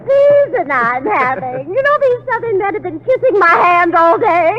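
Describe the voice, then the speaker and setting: A woman's voice: animated, moderate pace. A woman playing a daffy, man-chasing spinster in 1940s radio comedy, giggly and brassy. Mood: flirty. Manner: shrill, giggly, brassy delivery. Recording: hissy lo-fi 1940s radio broadcast.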